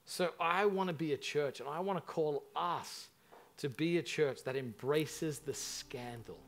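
A man preaching a sermon as pastor to a large church congregation, impassioned and animated in his storytelling. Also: fairly high pitch, measured pace, gravelly.

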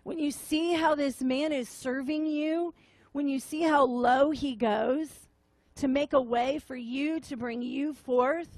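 A woman preacher with a high voice shares a tender testimony in a slow, halting way. She often trails off and repeats her words as if close to tears. Her voice sounds close and dry. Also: steady tone, a little mellow, dry recording. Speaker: prophetic minister. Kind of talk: emotional sermon testimony. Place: meeting room with audience.

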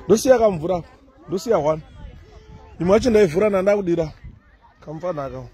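A vlogger with a Zimbabwean accent strolls through an outdoor city park, giving viewers a rambling, casual commentary full of chatty asides, filmed on a handheld phone. His voice is high, brisk and dark in tone, with slight background noise.

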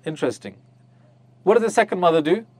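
A man leads a religious class and keeps turning to his listeners with questions. His voice sits a little high for a man. He slips into quick voices for the people in his examples. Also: animated, darkish tone, husky, no echo. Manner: questions the audience, acts out voices of mothers. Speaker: Islamic teacher. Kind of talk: interactive religious lecture. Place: on a group pilgrimage tour.

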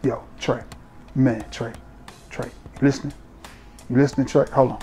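A man doing a hushed, hyped buddy. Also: fairly even intonation, moderate pace, background noise, close to an everyday voice. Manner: low, hushed, insistent, repeating the name. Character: hyped young male buddy raving about a scent.

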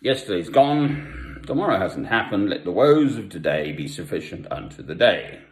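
An older man from South Africa, talking at home in a rambling personal monologue with pauses and asides. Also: low-pitched, animated. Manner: meandering, with long pauses and asides. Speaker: Christian vlogger. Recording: echoey room.

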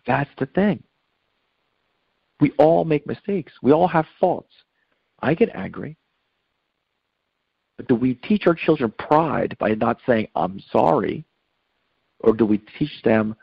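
A middle-aged man talks earnestly on Catholic radio, circling back on his points with fillers and restarts. His voice is gravelly and husky. The sound is dry and slightly dull, like an older radio studio recording. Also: mid-range voice, no echo. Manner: earnest, preachy, repeats himself with fillers. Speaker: guest speaker on marriage.

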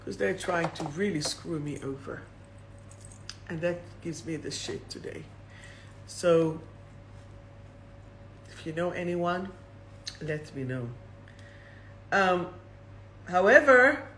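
A woman hosts a live oracle card reading on a phone or webcam stream. She talks at an unhurried pace in a bright, clear voice. She reads each affirmation slowly and then says it again. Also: on the low side, animated, a little hiss or hum. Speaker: host and card reader.

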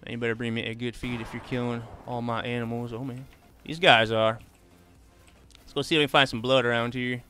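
A man's voice: medium pitch, little pitch movement, a little fast, pushed and bright, faint music behind. A man doing casual live gaming commentary, chatting easily with viewers and tossing in "man" and "bro" all the time. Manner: laid-back, drawls "man" and "bro" often. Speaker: streamer.

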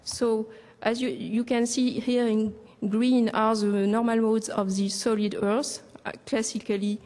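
A woman's voice: fairly high pitch, flat delivery, measured pace, a little mellow, big-room sound. A woman giving a scientific conference talk, hesitant, with many fillers and restarts. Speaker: conference presenter. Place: large conference room.

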